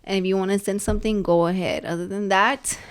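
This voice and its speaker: A woman's voice: mid-range voice, fast talker. A young woman co-hosting a podcast in casual chat, asking questions and wrapping up the episode. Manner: relaxed, asks questions and runs the outro. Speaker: podcast co-host.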